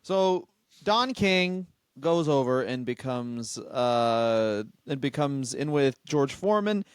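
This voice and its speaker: A man's voice: medium pitch, animated, slow, clear, resonant tone, no room sound, studio quality. A male comedian co-hosting a podcast, casually retelling facts and laughing along.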